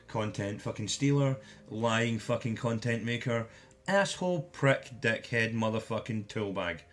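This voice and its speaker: A man giving an angry, profanity-laden commentary as a vlogger, hurling insults. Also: fairly low pitch.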